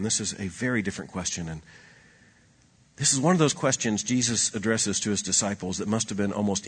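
Man, preacher, sermon, husky voice, long hall reverb, loud emphasis then hushed asides. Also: a little fast. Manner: swings between loud emphatic lines and hushed low asides.

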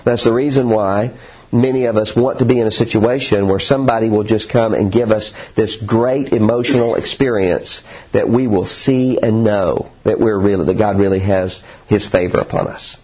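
A man's voice: fairly low pitch, normal speed, slightly rough. A man preaching a sermon in an earnest, storytelling way, recorded dull and lo-fi. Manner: earnest, animated storytelling with acted quotes.

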